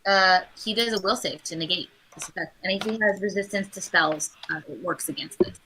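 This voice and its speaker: A woman's voice: fairly low pitch, fairly quick, pushed and bright, a little hiss or hum, poor audio. A woman playing a tabletop game, hesitantly asking questions and restarting her sentences. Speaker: player.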